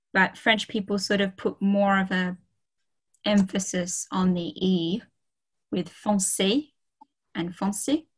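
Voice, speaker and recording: Woman tutor, unhurried and chatty, filler-heavy casual delivery, video call audio. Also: medium pitch, low-quality recording. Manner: slow, friendly, many ums and okays. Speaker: French tutor. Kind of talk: casual online language lesson.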